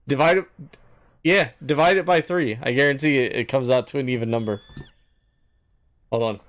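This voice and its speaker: A man streaming a game and chatting casually with his viewers, laughing often and thinking out loud. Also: mid-range voice, normal speed, pauses often. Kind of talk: casual gaming stream chat.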